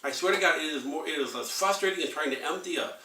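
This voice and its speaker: A man in his forties rehearsing a stand-up comedy act, delivering deadpan one-liners with frequent filler segues. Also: fairly high pitch, quick pace, roomy sound, distant mic. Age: 40s.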